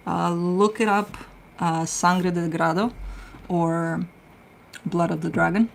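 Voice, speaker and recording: This is a middle-aged woman with a low, gravelly voice, hosting a casual tarot livestream. She chats with her viewers in a blunt, easygoing way, swears freely and laughs often. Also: slight background noise, low-quality recording. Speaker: tarot reader and livestream host. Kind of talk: casual livestream chat, answering viewer comments.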